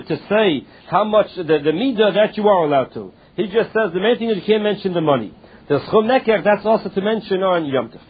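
A man's voice: high voice, husky. A man teaching a Talmud class, reading lines and explaining them in English with frequent restarts. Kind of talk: Talmud class, translating text. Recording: tinny phone-line audio.

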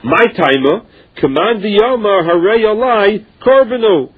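Guy giving a talmud class, highish husky voice, kinda muffled lo-fi recording. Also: lively intonation, unhurried. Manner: mixes Aramaic and Hebrew terms into English, explaining in a chanting study rhythm. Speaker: Talmud teacher. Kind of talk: Talmud lesson, translating and explaining. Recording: dull lo-fi recording.

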